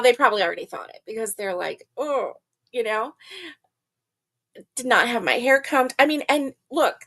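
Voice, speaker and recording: An older woman talks slowly and easily as she hosts a casual live chat. Her voice sits a little high. She laughs often and greets viewers one by one. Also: a bit bright. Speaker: livestream host.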